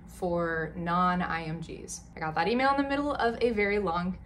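A woman in her twenties, a medical student, chatting to camera in a lively storytelling way with many fillers. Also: on the low side, normal speed, a little hiss or hum. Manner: chatty and animated, with lots of fillers and voiced asides.

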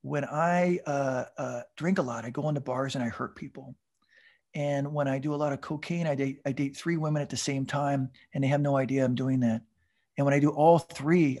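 A man in his fifties, a podcast guest telling his recovery story in an animated way, often repeating words as he restarts and laughing as he goes. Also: mid-range voice, fairly quick.

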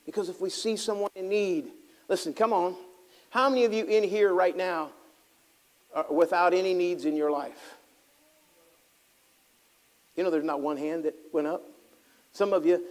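A man preaching a sermon as pastor, swinging between loud fervent passages and hushed tender asides, acting out the people he describes. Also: sits high. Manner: acts out voices of people he describes.

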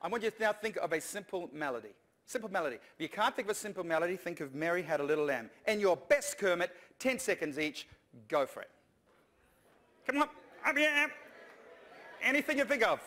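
A man giving a humorous conference talk, lively and jokey, coaxing the audience along. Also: a little high, fast talker. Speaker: conference speaker.

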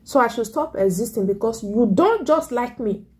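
A woman evangelist with preaches a sermon to her listeners. Her voice sits a little high, with a warm, mellow tone. She delivers it in an animated way and slips into mocking voices for her critics. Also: normal speed.

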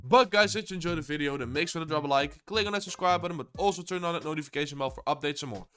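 A young man giving gameplay commentary as a channel host, excitable and swearing constantly as he yells at opponents. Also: a little high, rapid-fire, smooth, faint music behind.

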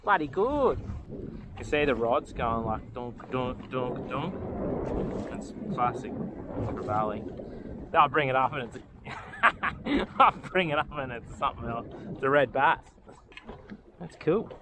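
A man narrates his fishing trip in a loose, excitable way, chatting to the fish as much as to the camera. His voice sits at an ordinary middle pitch for a man. Boat and water noise comes through clearly behind him, out on the open water. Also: measured pace, pauses often. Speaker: fishing vlogger. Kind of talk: casual commentary while fishing. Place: outdoors on a small boat on the water.

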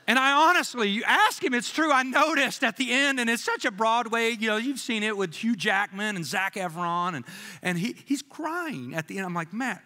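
Animated high-voiced male pastor. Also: normal speed. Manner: animated storytelling, jokey asides, quoting others in voices. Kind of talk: sermon. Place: church sanctuary. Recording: church sanctuary with long reverb.

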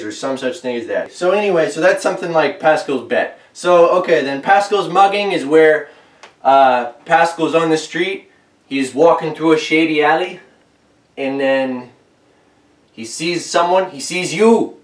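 A man hosting a rambling, joking lecture, deadpan, slipping into the voices of the people in his story. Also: fairly high pitch, measured pace. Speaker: host. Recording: echoey room, voice from far off the mic.

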